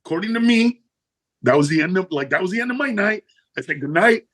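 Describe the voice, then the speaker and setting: Male comic guest, raspy-edged voice, lively and profane storyteller. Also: fast talker, poor audio. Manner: animated, profane, jumps high in pitch for punchlines. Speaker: guest comedian. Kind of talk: storytelling in a casual interview.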